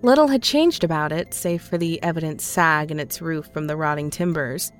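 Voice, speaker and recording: A woman reads a scary story in a calm, measured voice. Her pitch sits on the low side. Faint music plays beneath her narration. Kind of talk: scripted horror narration.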